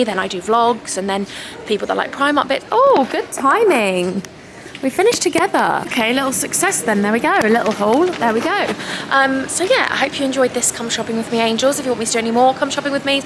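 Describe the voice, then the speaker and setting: A young woman with an English accent gushes her way through a shopping vlog, talking a bit high with a gravelly edge. Her phone catches her in a noisy shop. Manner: gushing, chatty, addresses viewers as huns. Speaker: vlogger. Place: large clothing store, indoors.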